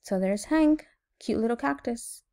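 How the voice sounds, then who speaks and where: A kindergarten teacher, a woman, warmly reading a picture book aloud to her class in an upbeat, expressive way. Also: fairly high pitch, unhurried. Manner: upbeat, expressive, voices characters loudly.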